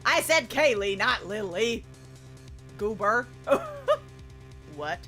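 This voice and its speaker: A young woman chatting through a game as she plays, giggly and easygoing. Her voice sits fairly high and she takes her time, with soft music playing behind her. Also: lively intonation, slow. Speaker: gaming streamer. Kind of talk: casual let's-play commentary.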